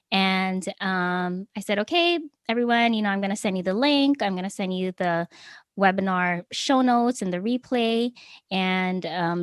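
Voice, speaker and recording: Lively woman telling her story. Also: medium pitch, no room sound, clean studio sound. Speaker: guest, small business owner. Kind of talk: casual interview storytelling.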